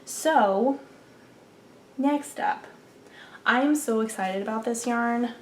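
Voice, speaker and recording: A young woman hosts a knitting podcast, gushing enthusiastically about yarn in casual show-and-tell chat and sometimes slipping into a whisper. Her voice is a little high and a little mellow, and she takes her time. A faint hiss or hum is present.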